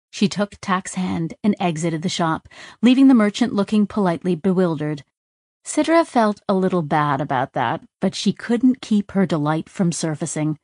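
The narrator is a woman whose voice is on the low side, reading an audiobook with steady, even storytelling. It's scripted, recorded dry, with clean studio sound.

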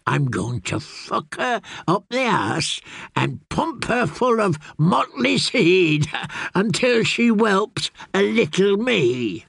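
Brief: man voicing cruel male jester, cackling and crowing; lively swooping pitch, audiobook. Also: slow pace, vocal fry, husky, no room sound, studio quality, heavily acted. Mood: gloating. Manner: crowing, crude, laughing.

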